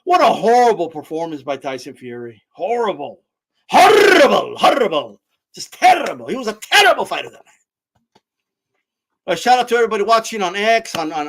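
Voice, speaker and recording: A man with a notably high voice rants live on a stream, heated and mocking, swearing freely as he talks boxing. His tone swings between scornful jabs and loud outbursts.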